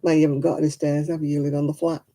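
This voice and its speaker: A woman's voice: deep voice, little pitch movement, racing, dark tone. A woman hosting a crafting livestream, chatting frankly and casually with viewers and calling them by name.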